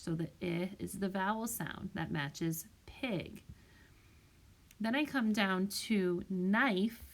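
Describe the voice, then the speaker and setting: Slow, patient woman teaching spelling. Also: medium pitch. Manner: slow, patient, sounds words out carefully. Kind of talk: recorded spelling lesson for young children. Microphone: tablet microphone.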